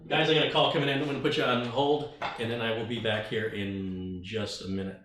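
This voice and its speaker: A man's voice: medium pitch, a little fast, soft background music. Man ranting in an echoey room. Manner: ranting, animated storytelling with mock quoted voices. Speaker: tech YouTuber host. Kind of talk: casual livestream chat.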